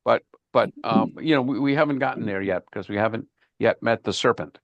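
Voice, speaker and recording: Man, rabbi teaching online, video-call sound, dry close sound, mid-pitched voice, repeats words as he thinks. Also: fairly quick, dry recording, highs cut off. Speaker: rabbi teaching a Bible class. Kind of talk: informal online Bible class.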